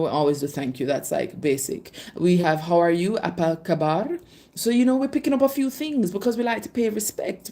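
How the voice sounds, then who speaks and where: A woman's voice: fairly low pitch, dark tone. A woman in her thirties chatting on a live stream, telling stories in a chatty way and calling viewers babe and darling. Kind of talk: casual live-stream chat.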